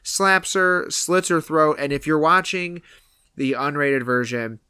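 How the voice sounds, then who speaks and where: A podcast co-host in casual movie review chat, retelling scenes in an animated way. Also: medium pitch, measured pace, clear, resonant tone, dry recording, clean studio sound.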